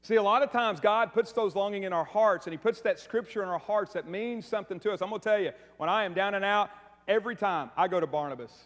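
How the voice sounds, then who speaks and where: A man delivers a lively, conversational sermon, repeating his questions to the congregation and slipping in jokes. His voice sits high for a man. The church hall around him adds a long, trailing reverb. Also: quick pace. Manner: energetic, conversational preaching with humor and repeated questions. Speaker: preacher. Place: church sanctuary.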